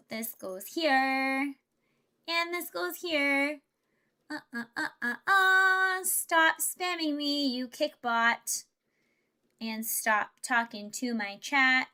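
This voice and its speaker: A woman's voice: sits high, pushed and bright. A young woman VTuber chatting playfully with her live chat while she builds a Lego set. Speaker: VTuber streamer.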